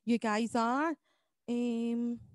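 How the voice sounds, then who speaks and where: A woman leading an online choir lesson, explaining each part and counting beats aloud between quick sung demonstrations. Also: a little high, fairly even intonation, smooth, dry recording. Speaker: choir leader. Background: piano accompaniment.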